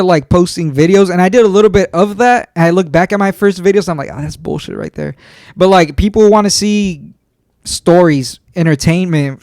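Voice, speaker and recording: A man's voice: high voice, darkish tone, no echo, clean studio sound. Man in his twenties, loose profane chat. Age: 20s. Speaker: podcast co-host. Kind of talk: casual chat.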